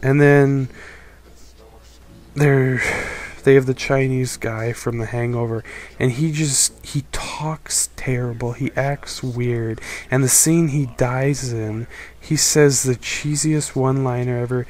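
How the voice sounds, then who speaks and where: Young male film reviewer, casual and critical, average pitch, restless and rambling. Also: steady tone, takes it slowly, darkish tone. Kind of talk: casual opinion monologue.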